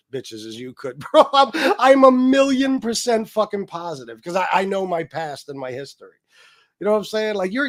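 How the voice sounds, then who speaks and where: Forties male livestream host, slightly high-pitched, crude and heated, jabbing then muttering. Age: 40s. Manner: heated, profane, jumping between loud jabs and low mutters. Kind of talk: profane livestream rant.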